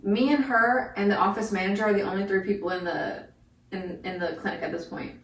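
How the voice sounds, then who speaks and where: Relaxed woman telling a nurse story. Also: medium pitch, a little fast. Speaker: nurse, podcast guest. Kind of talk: casual chat. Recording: echoey room, distant mic.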